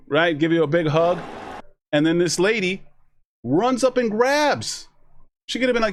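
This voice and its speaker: High-voiced man rambling through a reaction stream. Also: animated, normal speed, noisy background. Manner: rambling, restarts often, acts out other people's lines. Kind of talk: casual live reaction commentary.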